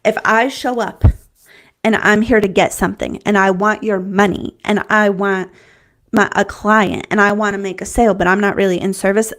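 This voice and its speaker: A woman's voice: medium pitch, fairly even intonation, normal speed, fairly bright tone. A woman business coach giving an earnest, conversational talk, often restarting phrases and checking in with "right?". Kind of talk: teaching talk to camera.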